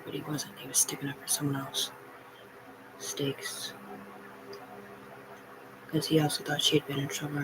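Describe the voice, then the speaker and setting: A woman's voice: low-pitched, slight background noise, low-quality recording. A woman ranting on a livestream in a rambling, profane, agitated monologue that jumps between topics. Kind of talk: rambling live-stream monologue.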